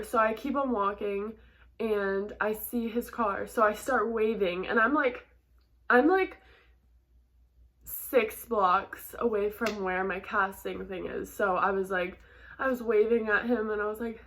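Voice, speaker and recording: A young woman vlogger telling a stressful travel story in a chatty, animated way, full of "like" and quick laughs. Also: medium pitch. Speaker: model and vlogger. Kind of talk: casual storytelling to camera.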